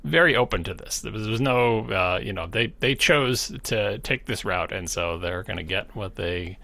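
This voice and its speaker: A man's voice: lowish voice, normal speed, gravelly, sharp tone. A man co-hosting a casual podcast, wry and teasing as he talks, often laughing. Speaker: podcast co-host.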